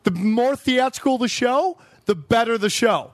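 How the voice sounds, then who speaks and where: A man's voice: very high voice, moderate pace, no echo. A male stand-up comedian chatting casually and animatedly with fellow comics, often acting out other people's lines. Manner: animated, acts out heckler voices. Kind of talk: casual chat.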